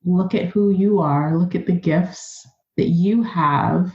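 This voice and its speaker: A woman being interviewed on a podcast who talks in an earnest, animated, conversational way. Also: on the low side, slow, echoey room, highs cut off. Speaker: podcast guest.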